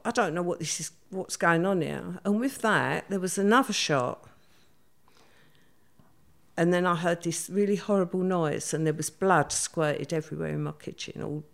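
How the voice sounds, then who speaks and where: Here an older woman, her voice fairly low and marked by vocal fry, shares her story while being interviewed. She keeps things plain and voices the quoted lines of the people in her account.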